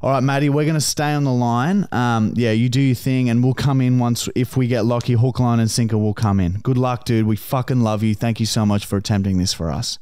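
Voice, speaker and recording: A man co-hosting a podcast, excitable and swearing often in casual chat. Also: mid-range voice, fairly quick, hardly any pauses, smooth, dry recording. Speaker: podcast co-host.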